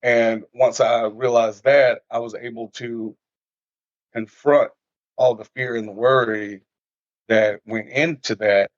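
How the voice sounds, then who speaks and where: A man talks through a casual podcast conversation as an animated storyteller, acting out everyday moments as he goes. His voice sits at an ordinary middle pitch. The sound is dry and a bit dull and lo-fi. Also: takes it slowly, no echo.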